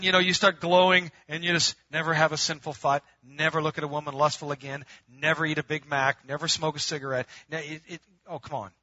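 A man preaching a sermon to his congregation in a lively, conversational way, moving from loud emphatic bursts to quiet, intimate pleading. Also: fairly high pitch, fast, few pauses, no echo, lo-fi sound. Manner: calls the congregation "gang", laughs between points. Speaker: pastor.

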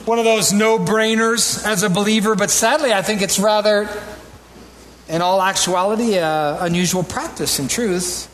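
A man delivers a sermon in a somewhat raised, animated voice, climbing to emphatic peaks before dropping into easy conversational asides with his congregation. A faint room ambience sits behind him. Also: high voice, moderate pace, slight background noise. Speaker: pastor.

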